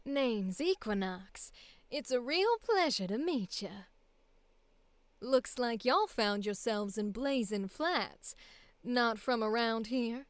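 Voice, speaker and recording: A woman voicing a brave, loyal young southern adult for an audition, with a slight roughness in tone. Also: on the high side, expressive, slow pace, dry recording. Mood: friendly. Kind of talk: voice acting audition take.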